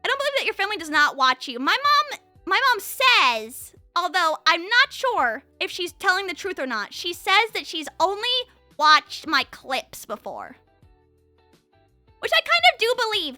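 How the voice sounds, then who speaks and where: Very high bubbly fast-talking woman. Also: sing-song, bright, forceful tone, no room sound, soft background music. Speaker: streamer. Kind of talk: casual chat with live chat.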